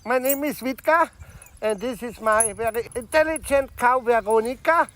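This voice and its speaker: A man's voice: very high-pitched, a bit bright, voice pushed up. A man doing a thick mock-Austrian earnest guy. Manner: broken English, slow earnest message.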